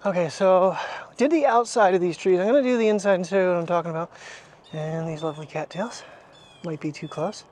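A man's voice: high-pitched, brisk, darkish tone, a little hiss or hum. A man chatting casually for his daily vlog as he walks his dog, rambling and self-deprecating with frequent chuckles. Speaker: vlogger. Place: outdoors walking a dog, then in a car. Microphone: small wireless clip mic.

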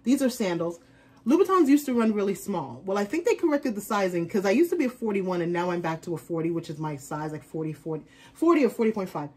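A woman's voice: mid-range voice, animated, quick pace, darkish tone, breathy edge. A woman chatting casually in an unboxing vlog, rambling on as a fashion vlogger.

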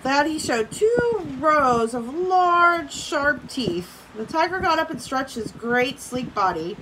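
A woman teacher reads a story aloud from home in a fairly high voice. She stops now and then to make casual asides to her class. A steady hiss and clicks sit under the noisy recording. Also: slow. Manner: breaks off to comment casually and laugh.

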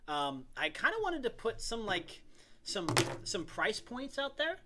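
A man co-hosting a podcast, chatting in an animated, talkative way and laughing easily. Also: high-pitched, a little slow, very noisy. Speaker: podcast co-host. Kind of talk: casual chat.

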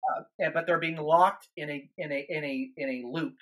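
A man's voice: a little high, fairly even intonation, normal speed. A man who is a guest minister on a podcast, telling a story in an earnest way, with many restarts and repeated words.

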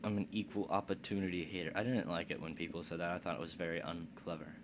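A man's voice: low voice, fast talker. A man giving casual commentary over a strategy game, talking to himself with crude, profane jokes and asides. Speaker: let's play commentator. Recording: steady background noise.

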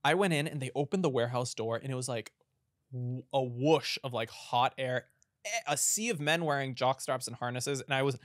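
A man at medium pitch talking casually on a podcast. He rambles through anecdotes, leaning on fillers as he goes. The recording is dry and close, with no room echo. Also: a little fast. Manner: chatty storytelling, heavy on "like" fillers. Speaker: podcast participant. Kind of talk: casual chat.

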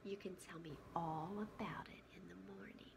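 A woman voicing a sleepy, gentle mother bird in a storybook reading, soft and drowsy. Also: on the high side, slow, background noise.

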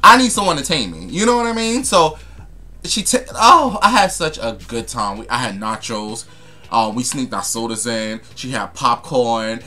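A man's voice: mid-range voice, big pitch swings, moderate pace, sharp tone. A young man vlogging in a casual chat to camera, sassy and flamboyant, calling viewers honey and darling with dramatic, gossipy asides.

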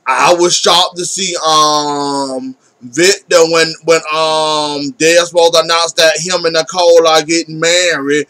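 A man's voice: on the high side, level tone, takes it slowly, sharp tone, clear, resonant tone. A man giving a casual, opinionated soap opera recap, sassy and blunt, swearing and talking back to the characters.

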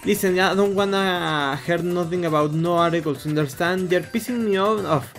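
A blustering braggart with a high, pushy voice, slangy and threatening, quick to take offense. A man puts him on while reading a video game's lines aloud. Nothing here is subtle. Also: a bit bright, soft background music. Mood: bullying. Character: brash touchy young man, boastful wiki editor. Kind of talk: reading game dialogue aloud.

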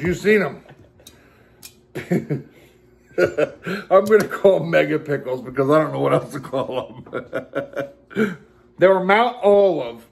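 A man's voice: a little high, creaky. A young man hosting his own challenge channel, out of breath and stuffed, chatting casually to viewers. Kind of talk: casual vlog talk.

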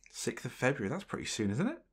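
A young man commentating his football management game, excitable and exclaiming when things go his way. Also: mid-range voice, slightly rough. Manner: excitable, swearing mildly in exclamations. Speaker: gaming channel host. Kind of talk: gameplay commentary.

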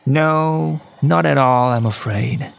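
A man's voice: mid-range voice, slow, vocal fry. A man voicing a young, earnest female owl in a read-aloud children's story, calling out in a raised sing-song voice. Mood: hopeful calling. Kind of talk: storybook character voice.

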